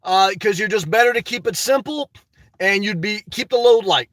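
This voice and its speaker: A man's voice: sits high, moderate pace, a bit bright, dry recording, far from the mic. A man hosting a livestream, reading the live chat in a chatty way and often tagging on "okay". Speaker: livestream host. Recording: dry sound, voice away from mic.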